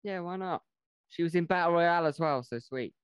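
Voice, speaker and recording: A man's voice: a little high, a little fast, clean tone, no echo, clean studio sound. Jokey man, casual swearing. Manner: jokey, swears casually, short agreeing replies. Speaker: podcast co-host. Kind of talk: casual film review chat.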